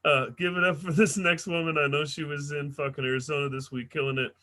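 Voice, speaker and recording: A man's voice: on the high side, level tone, fast, sharp tone. A man hosting a comedy show, introducing acts in a loose, profane way and laughing between lines. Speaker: emcee host.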